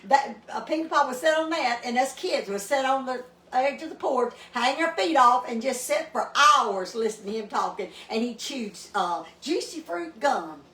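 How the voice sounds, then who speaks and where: Gal with a real high voice, agreeable, lots of yeps, sounds far off in an echoey room. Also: female voice, expressive, normal speed, few pauses, sharp tone. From East Texas. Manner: agreeable, chimes in with short affirmations. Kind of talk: casual chat. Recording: echoey room, mic at a distance.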